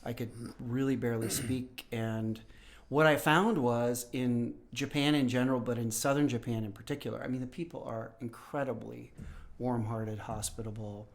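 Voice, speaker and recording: A man in his fifties, a professor and podcast guest, telling stories in casual conversation and clearing his throat now and then. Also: mid-range voice, steady tone, moderate pace. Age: 50s. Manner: storytelling, often clears throat.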